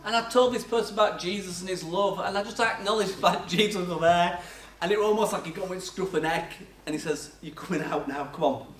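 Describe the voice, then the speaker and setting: A man's voice: sits high, fairly quick, a bit bright, a little hiss or hum. An older man preaching a sermon, telling chatty stories about his own life with self-mocking laughs. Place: church hall. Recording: echoey church sound from far off.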